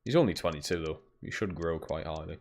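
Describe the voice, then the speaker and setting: A man's voice: deep voice, quick pace. A young man live-streaming a football game, swearing freely and chatting back to his viewers. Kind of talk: casual live-stream chat while gaming.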